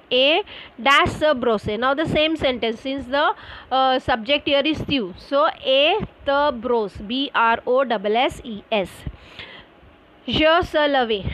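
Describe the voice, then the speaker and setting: A woman teaches French online. She explains each answer slowly, pausing on fillers and spelling words out letter by letter, in the manner of a classroom correction session. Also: high voice, muffled recording.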